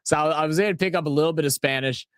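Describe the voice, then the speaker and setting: A man's voice: fairly high pitch, very fast, clean tone, no room sound, clean studio sound. A man with a New Orleans accent, rambling and swearing as he casually talks over a live match and tells stories. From New Orleans, USA. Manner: rambling, profane, excitable. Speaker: watch-along host.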